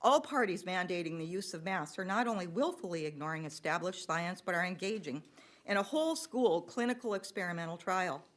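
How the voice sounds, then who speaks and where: A woman's voice: fairly low pitch, animated, brisk. A woman reading a prepared public comment at a school board meeting, insistent and accusatory.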